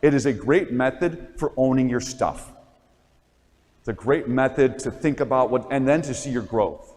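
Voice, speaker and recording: Man, motivational talk, animated storyteller, long church reverb. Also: medium pitch, normal speed. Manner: animated, acts out classroom dialogue. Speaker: speaker addressing parents.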